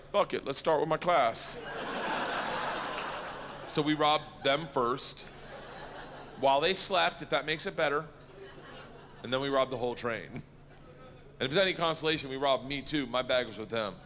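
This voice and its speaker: A middle-aged man telling a story in stand-up, loud and animated, laughing at his own asides. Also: mid-range voice, fairly quick, long reverb tail, background noise. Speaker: stand-up comedian. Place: stage.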